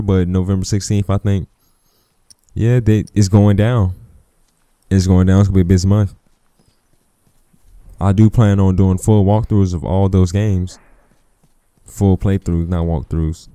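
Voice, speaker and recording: Mellow, low-voiced man gaming casually. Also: clear, resonant tone, dry recording, clean studio sound. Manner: laid-back, chatty, profane trash talk at teammates. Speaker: gaming commentator. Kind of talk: casual gameplay commentary.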